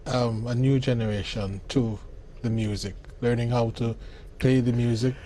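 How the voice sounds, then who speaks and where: A male interviewer asking measured, hesitant questions with fillers. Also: medium pitch, steady tone, mellow, slight background noise.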